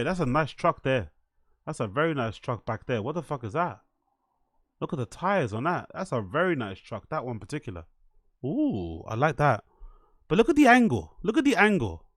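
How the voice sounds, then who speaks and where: A man's voice: fairly high pitch, a bit bright, no room sound, clean studio sound. A man hosting a live stream, reacting casually, swearing freely and repeating himself between laughs.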